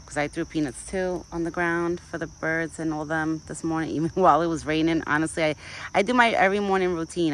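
A woman's voice: low voice, a little hiss or hum, rough recording. Young woman rambling into her phone outside, cooing at an animal, faint crickets behind. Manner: rambling and chatty, with cooing baby talk to a deer. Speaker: vlogger. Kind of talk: casual chat. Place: outdoors in a rural yard. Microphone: phone camera.

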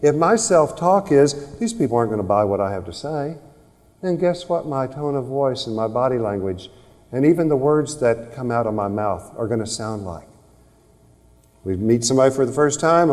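A man's voice: mid-range voice, moderate pace, a little mellow. A man giving a motivational seminar talk on communication to a live audience, asking rhetorical questions. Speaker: speaker on communication skills. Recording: long reverb of a hall.

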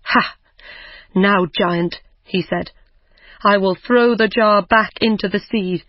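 Poor clever fisherman, as a reader puts him on, storybook voice, slow, dull lo-fi. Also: medium pitch, fairly even intonation, no echo, natural voice. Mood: mocking. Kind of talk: simple audiobook reading for learners. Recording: dull lo-fi recording.

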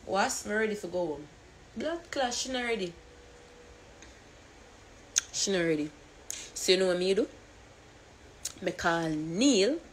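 Woman, Jamaican accent, patois, animated storytime rant, swearing, mid pitch.

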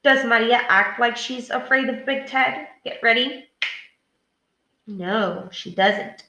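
A woman teacher reading a story aloud to her class, pausing for questions and prompts in a clear, deliberate way. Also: on the high side, bright, forceful tone, roomy sound, a little hiss or hum, low-quality recording.

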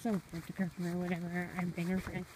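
A woman's voice: fairly low pitch, completely flat delivery, fast talker, noisy background. A young woman chatting offhand to her viewers while walking outdoors on a casual vlog. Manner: chatty, offhand, keeps saying whatever. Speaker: vlogger. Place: outdoors on a rural walk.

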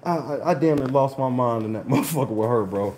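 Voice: mid-range voice, expressive, quick pace, mellow, slight background noise. A livestream host telling a story in a profane, laughing, indignant way. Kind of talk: animated casual storytelling.

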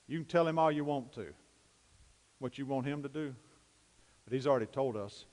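A man's voice: medium pitch, moderate pace, pauses often, a little mellow. A man pastor preaching a sermon and praying, emphatic and repetitive, in a church sanctuary. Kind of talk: sermon and prayer. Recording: long church hall reverb.

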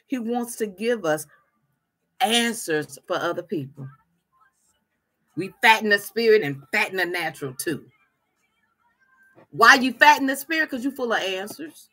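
A woman's voice: mid-range voice, expressive, moderate pace, fairly bright tone, slightly rough. A woman preaching a fervent sermon, repeating her phrases for emphasis.

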